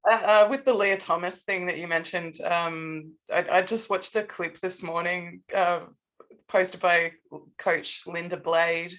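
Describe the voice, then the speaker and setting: An Australian woman co-hosting a podcast in casual chat, halting and restarting her sentences often. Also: lowish voice, fairly even intonation, a bit bright. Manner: halting, many restarts and fillers. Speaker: podcast co-host.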